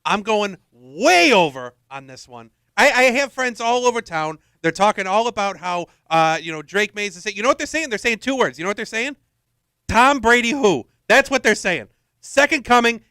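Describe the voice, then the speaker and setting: A man's voice: high-pitched, animated, moderate pace, bright, forceful tone, smooth, no room sound, clean studio sound, full character voice. Brash Boston sports fan, as a man puts him on. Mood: bragging. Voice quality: bragging, streetwise. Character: brash male Boston sports fan with loud bragging talk. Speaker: radio co-host. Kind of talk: comic radio banter.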